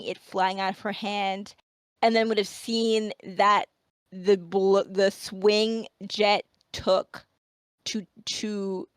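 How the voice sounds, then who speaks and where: A woman's voice: medium pitch, dry recording. A woman playing in a tabletop role-playing game, thoughtfully describing her character's actions. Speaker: player. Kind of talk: casual role-play chat.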